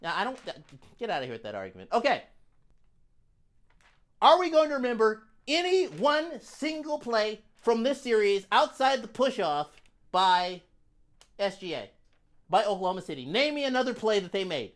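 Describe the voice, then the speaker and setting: A man's voice: sits high, sing-song, normal speed, long pauses. A young man on a comedic sports debate panel, blunt and heckling in manner.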